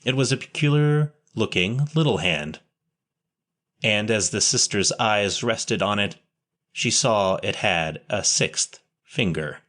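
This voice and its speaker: A man reading a historical memoir aloud in a measured, plain storytelling way. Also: fairly low pitch, a bit bright. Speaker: audiobook narrator.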